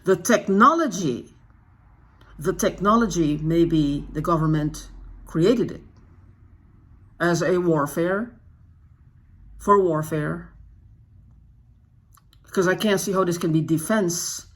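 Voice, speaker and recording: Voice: mid-range voice, slow, long pauses, fairly bright tone. A vlogger talking straight to the camera in an unscripted monologue, agitated, asking one rhetorical question after another, restarting sentences and repeating phrases for emphasis. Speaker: YouTube channel host.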